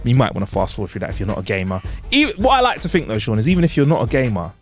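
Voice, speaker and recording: Very fast and full of huge pitch swings, a lowish male voice co-hosts a comedy podcast with faint music behind. Playful and giggly, he chats casually, reads jokes aloud, and does voices for the characters in them.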